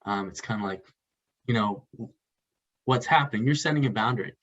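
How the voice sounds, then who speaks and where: A man co-hosting a casual advice chat, halting and searching for words as he explains. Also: on the low side, a bit bright. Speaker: podcast co-host. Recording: dull lo-fi sound.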